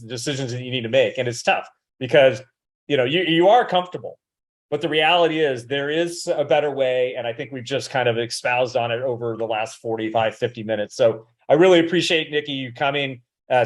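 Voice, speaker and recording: A male podcast host wraps up an interview in a relaxed, conversational way. His pitch sits in the middle, and he is appreciative and a little halting, filling his sentences with hesitations. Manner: appreciative, with frequent fillers. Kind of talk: casual interview wrap-up.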